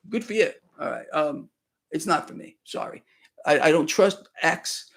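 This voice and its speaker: Emphatic high-pitched man ranting on a livestream. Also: creaky. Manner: emphatic, repetitive, stammering restarts. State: sweating. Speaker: livestream host. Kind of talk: casual livestream chat. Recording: speaking to a live stream.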